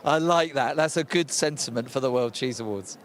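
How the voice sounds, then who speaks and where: A man's voice: mid-range voice, fairly quick, a little hiss or hum. A man hosting a casual interview, asking questions and reacting with enthusiasm. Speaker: interviewer host.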